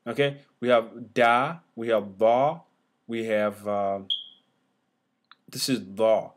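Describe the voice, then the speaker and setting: A man teaching a casual whiteboard lesson, sounding letters out loud again and again with many fillers and restarts. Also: on the low side, takes it slowly.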